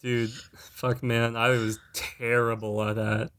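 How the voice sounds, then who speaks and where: A man's voice: mid-range voice, level tone, slow, a bit bright. A young man co-hosting a podcast in casual chat, laughing often and swearing freely. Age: young adult. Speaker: podcast co-host.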